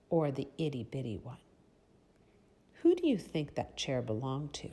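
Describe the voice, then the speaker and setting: A woman reading a picture book aloud to children in a soft, breathy, expressive way, pausing to ask them questions. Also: a bass voice. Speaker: children's storyteller.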